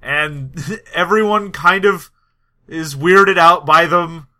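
A man co-hosting a casual chat about a tabletop game, quick with sarcastic quips. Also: a little high, pushed and bright. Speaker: podcast co-host.

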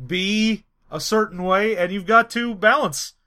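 A man doing an impression of a middle-aged male president, speaking slowly with many pauses and uh's. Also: high-pitched, bright, forceful tone. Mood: measured. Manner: slow, pausing with many uh's.

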